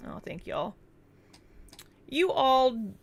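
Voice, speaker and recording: A woman's voice: high voice, very animated, very slow, soft background music. A young woman hosting a casual livestream, reading out viewer names, thanking them and laughing often between replies. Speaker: livestream host.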